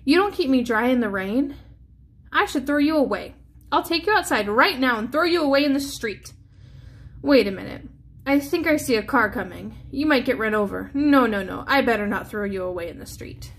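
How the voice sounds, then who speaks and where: A woman's voice: on the high side, expressive, moderate pace. A woman voicing a grumpy old man who grumbles and scolds his worn-out hat in a storybook read-aloud. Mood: grumbling. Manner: scolding, muttering to himself.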